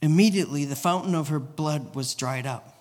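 A man's voice: on the high side, a little fast, darkish tone. A man, a guest pastor, preaching a sermon in a casual storytelling way, often restarting his sentences. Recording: long reverb of a church hall.

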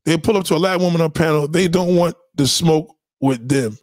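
A man's voice: a little high, a little fast, few pauses, darkish tone, dry recording, studio quality. A man hosting a livestream, ranting bluntly and profanely at his chat and hammering his points home by repeating them. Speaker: livestream host reacting to chat. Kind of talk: unscripted livestream commentary.

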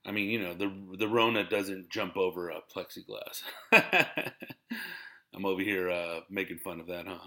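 A man's voice: sits low, normal speed, pushed and bright. A man hosting a podcast, a stand-up comedian rambling in a laid-back way with lots of laughs. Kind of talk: casual podcast monologue.

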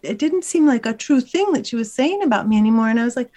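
A woman guest on an interview program talks about her book and meditations in an open, storytelling way. Her voice sits fairly high, and she laughs freely between her thoughts. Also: animated, fast talker, hardly any pauses. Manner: warm-hearted, laughs often while telling stories. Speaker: guest author and meditation teacher. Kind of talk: conversational interview.

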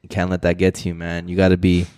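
A laid-back man co-hosting a casual podcast, with a somewhat low voice. He jokes and teases easily and laughs often, recorded close in a dry room. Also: completely flat delivery, fast, a little mellow, clean tone, no echo. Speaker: podcast co-host. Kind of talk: casual chat.

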